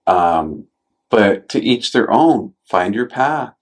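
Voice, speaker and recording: Man, lowish voice, casual talk, joking, rambling, lots of fillers. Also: lively intonation, slow pace. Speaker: podcast host. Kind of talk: casual conversation.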